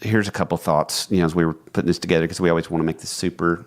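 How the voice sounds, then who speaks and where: Guy with a lowish voice on a podcast, reflective, tells stories and acts out the quotes. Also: fairly even intonation, rapid-fire. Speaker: podcast co-host. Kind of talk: casual podcast conversation.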